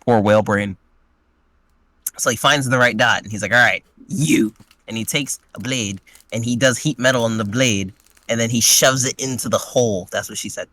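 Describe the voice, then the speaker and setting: A man's voice: mid-range voice, normal speed, no room sound. A man casually recapping a tabletop game session with crude, joking energy. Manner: crude, joking, animated retelling. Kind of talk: casual chat.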